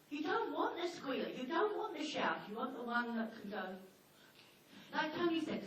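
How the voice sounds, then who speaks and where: A high-voiced woman dog trainer gives a lively seminar talk, acting out little scenes as she teaches. She sounds far from the microphone, in a hall with heavy reverb and faint background hiss. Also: normal speed. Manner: lively, animated storytelling.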